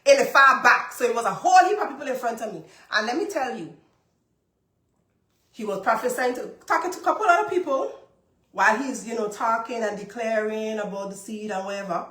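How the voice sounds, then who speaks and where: A woman hosting a live stream, telling a personal testimony in an animated way and repeating phrases for emphasis. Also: a little high, fairly quick. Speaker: business coach and livestream host. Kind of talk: casual testimony to a live audience. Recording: echoey room.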